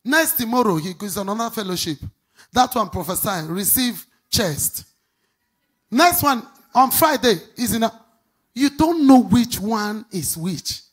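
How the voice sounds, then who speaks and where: A woman's voice: fairly high pitch, expressive, husky. Sing-song Nigerian woman pastor preaching. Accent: Nigerian English. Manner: sing-song, quizzes the congregation; emphatic, drawn-out stressed words. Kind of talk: preaching sermon with call-and-response.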